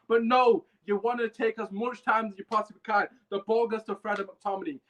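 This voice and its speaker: A man's voice: very high voice, a little fast, hardly any pauses, fairly bright tone, rough recording. A young man, hosting a live fan podcast and ranting heatedly while swearing and reading chat comments. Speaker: podcast host.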